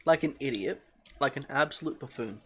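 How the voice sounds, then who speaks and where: A man's voice: medium pitch, a little fast, slight background noise. Rambling, jokey young male streamer. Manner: rambling, jokey, often quiet. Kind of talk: casual gaming stream commentary.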